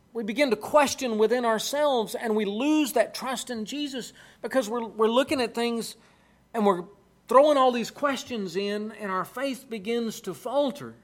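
A man preaching a sermon in an earnest, emphatic way, repeating key phrases for weight. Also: high voice.

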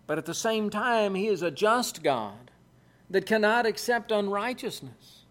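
High-voiced earnest male preacher. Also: big pitch swings, takes it slowly, long pauses, a bit bright. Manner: earnest and emphatic, repeating key phrases. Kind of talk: sermon.

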